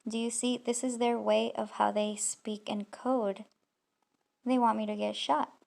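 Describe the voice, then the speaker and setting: A woman's voice: fairly high pitch, creaky. A woman commenting on clips in a reaction video, talking in an accusatory, rambling and scornful way. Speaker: YouTube commentator.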